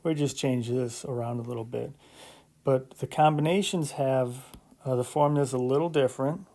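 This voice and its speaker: A man delivers a recorded math lesson in an easygoing, conversational way, talking through each step and checking in with the listener. His voice sits in a middle pitch range and has a warm, mellow color, and he drops in light jokes along the way. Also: moderate pace. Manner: conversational, explains step by step with frequent "so" and "right?"; lightly joking asides. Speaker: math instructor. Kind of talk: recorded classroom lecture.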